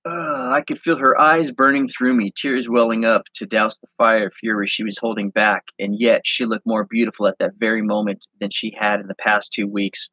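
A man reading his handwritten story aloud, halting and correcting himself as he goes. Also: lowish voice, level tone, sharp tone, breathy edge, no echo. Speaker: online reseller and host.

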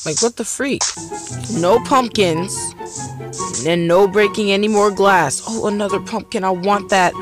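A man's voice: high-pitched, measured pace. A man hosting a gaming video, chatting casually and reacting aloud as he plays. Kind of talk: casual gameplay commentary. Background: game music.

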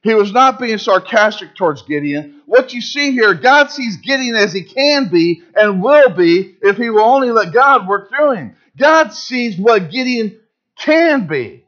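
A pastor giving a sermon in church, preaching with emphasis and asking the congregation rhetorical questions. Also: male voice, high voice, sing-song, measured pace, fairly bright tone, muffled recording.

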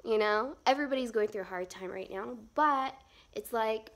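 Young female vlogger, slightly high-pitched, chatty and rambling, giggles often; casual phone live stream. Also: moderate pace. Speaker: fashion vlogger. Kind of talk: casual outfit vlog.

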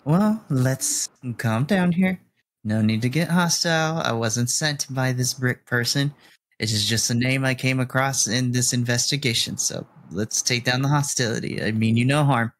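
A man voicing a calm, placating male investigator in a tabletop role-play, soothing and conciliatory. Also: medium pitch, normal speed, close to an everyday voice.

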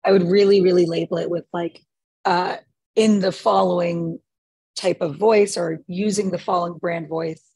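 A woman answering questions in a webinar as the guest expert, halting with many fillers and restarts. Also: fairly low pitch, fairly even intonation, mellow, breathy edge, no echo. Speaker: guest expert on prompt writing.

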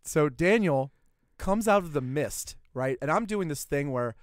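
Male podcast host, animated storyteller, higher-pitched smooth voice, dry sound. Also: a little slow, no room sound. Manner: rambling, animated storyteller who acts out quotes. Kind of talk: casual storytelling chat.

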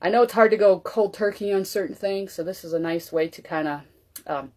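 A woman's voice: mid-range voice, brisk, a little mellow. A woman chatting casually on her vlog while she makes a coffee drink, moving around as she talks so her voice comes and goes. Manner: chatty, loose and conversational. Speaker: wellness vlogger. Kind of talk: casual cooking demo chat.

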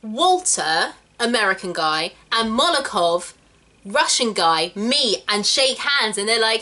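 A woman hosting a casual chat, animatedly retelling a musical's plot and acting out the characters. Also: a little high. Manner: animated, acts out characters in quick voices. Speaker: channel host explaining a musical.

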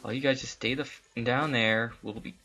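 A let's play host giving live gameplay commentary, excitable, swearing often and talking to the game. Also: mid-range voice, a little fast, soft background music.

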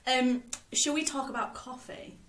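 A woman co-hosting a podcast, chatting casually about a play, animated and quick to laugh. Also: high-pitched. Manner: animated, laughs often, reads lines aloud. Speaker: podcast co-host. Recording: roomy echo.

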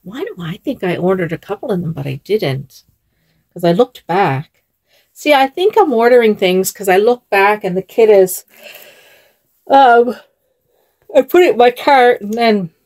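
A woman vlogs casually as she dresses dolls. She speaks at an unhurried pace, with a lively, swooping pitch. She sounds chatty and breaks into giggles often. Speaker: doll channel vlogger.

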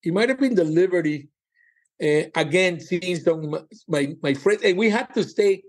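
Male comedian guest, higher voice, animated raconteur, frequent laughter. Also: moderate pace. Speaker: comedian and former cruise director. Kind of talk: casual interview storytelling.

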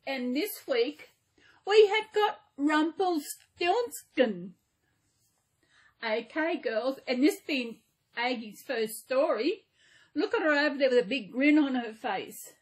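Breathy high-voiced woman reading a bedtime-style story, slow and gentle. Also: lively intonation. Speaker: channel host reading a story.

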